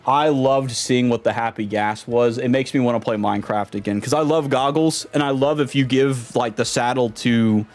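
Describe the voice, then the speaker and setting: A man's voice: mid-range voice, normal speed, hardly any pauses, darkish tone. A man livestreaming a game, chatting casually in a laid-back, slangy way and greeting viewers. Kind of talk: casual live-stream chat.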